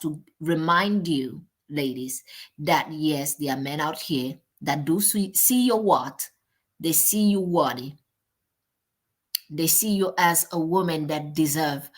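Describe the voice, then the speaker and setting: In a low voice, a woman host offers slow, deliberate closing remarks to her viewers. She calls them ladies and keeps an encouraging tone.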